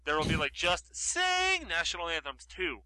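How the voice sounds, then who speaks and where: A man's voice: on the high side, huge pitch swings, moderate pace, pushed and bright, no echo, rough recording. A man co-hosting a podcast in casual chat, rambling with lots of fillers. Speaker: podcast co-host.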